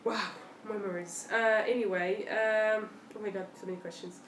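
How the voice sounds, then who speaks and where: It's a casual live-stream Q&A: the young female host chats away, tells lively stories, and acts out what people said. Her voice is mid-range and normally paced, recorded in an echoey room with a little background noise.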